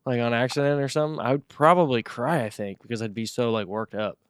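A man's voice: medium pitch, fairly even intonation, fast talker, clear, resonant tone, no room sound, clean studio sound. A man talking bluntly in a casual podcast chat, full of "like" and "dude". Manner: blunt, swears, says "like" and "dude" a lot. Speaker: podcast co-host.

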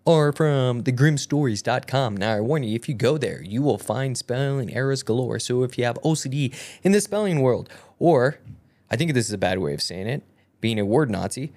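A woman's voice: rumbling low, lively intonation, moderate pace, darkish tone. Rambling, goofy woman podcast host. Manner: goofy, rambling, many fillers and restarts. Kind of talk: casual chat.

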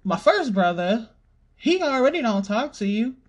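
A podcast host casually telling a stressful family story in a blunt, profanity-heavy, animated way. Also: medium pitch, moderate pace.

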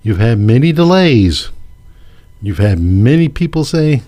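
A male local political commentator talks at an unhurried, deliberate pace. His pitch swings widely as he presses his points. He hammers phrases again and again and slips in sarcastic asides. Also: sing-song, warm tone. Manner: emphatic and repetitive, sarcastic asides. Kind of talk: casual opinion monologue.

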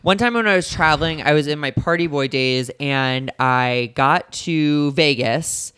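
A man co-hosting a relaxed chat, trading stories and gently teasing his partner. His voice is smooth and clear, and he keeps things light and chatty. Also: a little high, a little slow, dry recording. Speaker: podcast co-host. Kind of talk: casual chat.

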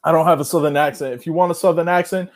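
High-voiced hyped-up guy plugging stuff. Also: steady tone, rapid-fire. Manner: loud, hyped, bro-ish banter. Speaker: guest podcaster. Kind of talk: casual podcast chat.

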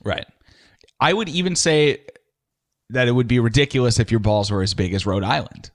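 A man's voice: medium pitch, moderate pace. A man co-hosting a podcast, teasing his partner in a dry way and arguing the opposite side for laughs. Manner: dry, teasing, plays devil's advocate. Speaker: podcast co-host. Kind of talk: casual chat.

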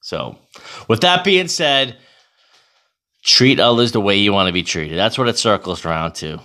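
A man's voice: lowish voice, animated, moderate pace, bright, forceful tone. A young man from Massachusetts, a beer league hockey goalie, ranting casually to camera with profanity and lots of fillers. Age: young adult.

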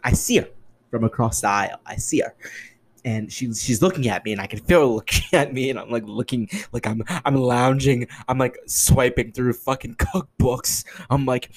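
A young man hosting a solo podcast, ranting in an exasperated, sarcastic way and swearing freely, jumping between loud outbursts and muttered asides. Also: mid-range voice, moderate pace. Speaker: podcast host.

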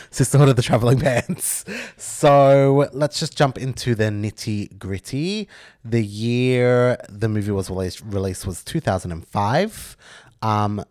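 A man, co-hosting a podcast in relaxed, agreeable chat full of fillers. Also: lowish voice. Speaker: podcast co-host. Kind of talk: casual chat.

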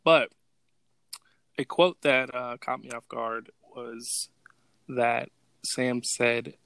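A man's voice: medium pitch, steady tone, very slow, creaky, fairly bright tone, no echo. A man co-hosting a casual podcast, laid-back, swearing and laughing as he recaps movie scenes. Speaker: podcast co-host. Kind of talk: casual chat.

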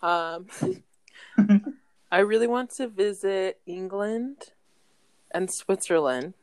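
A woman's voice: mid-range voice, lively intonation, takes it slowly, darkish tone, no echo. A young woman chatting casually, giggling and rambling. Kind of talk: casual chat.

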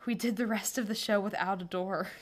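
A woman's voice: mid-range voice, steady tone, fairly quick. A young woman co-hosting a podcast, chatting casually, reading listener stories aloud and laughing often. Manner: laughs often, chimes in with quips. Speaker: podcast co-host.

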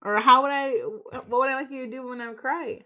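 Woman, high voice, giggly, animated storyteller, casual podcast chat. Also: moderate pace. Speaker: podcast guest.

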